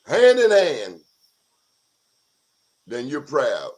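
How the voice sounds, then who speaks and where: A man's voice: mid-range voice, wildly swooping pitch, drawn-out words, a little mellow, slight background noise. A man co-hosting a talk show in casual chat, joking and teasing his guest.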